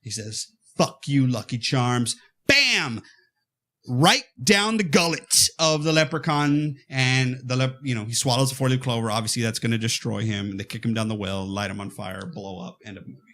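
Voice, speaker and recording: A man co-hosting a horror podcast, casually and excitedly retelling a movie and acting out its lines. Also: medium pitch, moderate pace. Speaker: podcast co-host.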